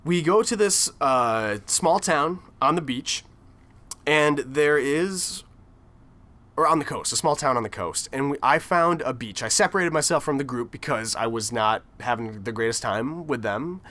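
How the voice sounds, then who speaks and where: A man's voice: medium pitch, expressive, a little slow, pushed and bright. A young man from the United States hosting a casual comedy podcast, rambling through a story, swearing and laughing often. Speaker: podcast host.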